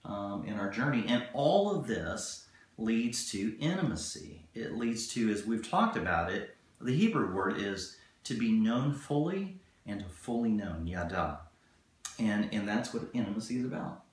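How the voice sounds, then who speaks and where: Man, relationship advice, earnest coaching tone, lowish voice, very roomy echo. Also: very animated. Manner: earnest, coaching tone, slows for key points. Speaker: relationship video co-host. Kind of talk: casual advice talk. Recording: very echoey room.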